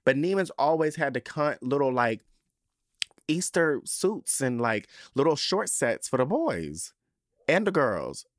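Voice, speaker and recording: A man hosting a podcast, telling a story in a campy, profane, animated way. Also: medium pitch, a little slow, dry recording, clean studio sound. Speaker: podcast host. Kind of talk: casual chat.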